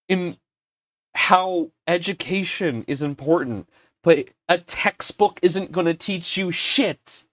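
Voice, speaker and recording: A man hosting a casual livestream, his voice swinging widely up and down as he tells a heartfelt story. He takes his time, lets emotion show, and throws in the odd curse word. The sound is dry and close, with no room echo. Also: high voice. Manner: emotional, animated storyteller who swears and gets choked up. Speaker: livestream host.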